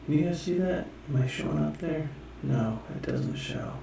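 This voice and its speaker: A man casually teaching himself and viewers Greek letters, rambling, correcting himself and sounding words out slowly. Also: fairly high pitch, animated, creaky. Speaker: self-taught Greek learner teaching viewers. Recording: echoey room, mic far off, faint noise.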